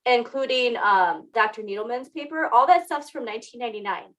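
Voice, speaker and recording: Bright-voiced chatty woman podcast host. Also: on the high side, animated, a little fast, low-quality recording. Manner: chatty, laughs often, self-teasing. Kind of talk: casual chat.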